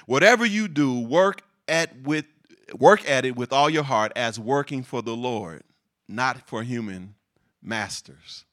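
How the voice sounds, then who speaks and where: A medium-pitched male preacher keeps a measured pace as he reads scripture, breaking off now and then into animated asides where he laughs and repeats words to stress them.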